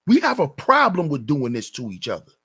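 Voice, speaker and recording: Brief: male host, emphatic commentary rant, slightly high and husky voice. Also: wildly swooping pitch, a little fast, sharp tone. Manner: emphatic, repetitive rhetorical questions. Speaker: channel host.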